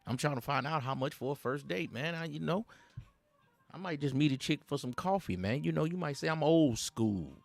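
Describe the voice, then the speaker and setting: Male host, streetwise uncle type, preachy and rambling, very animated delivery, faint music bed. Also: a little high, moderate pace, creaky. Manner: animated, chuckles between points. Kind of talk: satirical dating advice monologue.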